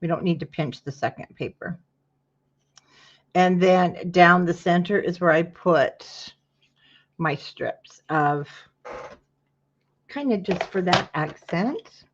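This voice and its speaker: A woman with a lower-sided voice hosts a casual paper-craft tutorial at a measured pace. Chatty, she greets viewers by name while she measures and trims, and the recording sounds dull and lo-fi.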